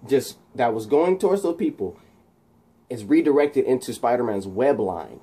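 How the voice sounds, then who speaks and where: Man narrates a movie scene off the cuff, excitable, throws in sound effects, lots of fillers. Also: mid-range voice, normal speed, husky. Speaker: channel host. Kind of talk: casual movie scene recap.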